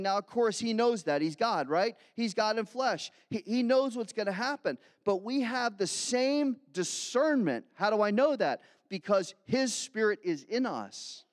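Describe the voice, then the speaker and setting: A man's voice: high-pitched, dry recording, studio quality, long reverb tail. A man in his fifties preaching a sermon in a chatty way, slipping into acted asides. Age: 50s. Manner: conversational preaching, growing animated with acted asides. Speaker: pastor.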